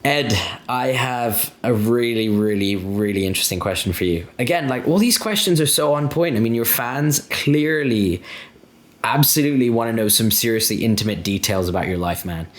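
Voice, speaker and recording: A man's voice: mid-range voice, moderate pace. A man hosting a casual interview, reading out questions and reacting with enthusiastic praise. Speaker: host.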